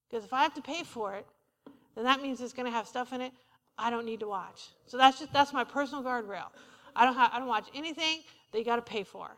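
Lady preaching in church, kinda high voice, jokey and chatty, long echo off the hall. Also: pushed and bright. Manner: conversational, humorous, call-and-response. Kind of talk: sermon. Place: church sanctuary. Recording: reverberant hall.

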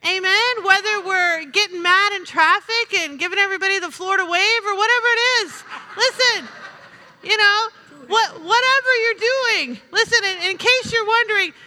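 A woman's voice: very high-pitched, moderate pace, pushed and bright. A woman preaching a sermon in a chatty, humorous way, calling out to the congregation for responses. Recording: reverberant hall.

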